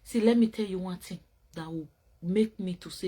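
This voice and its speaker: A woman's voice: lowish voice, fairly even intonation, normal speed, mellow. A woman hosting a casual commentary show, talking bluntly and scolding in repeated phrases. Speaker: show host.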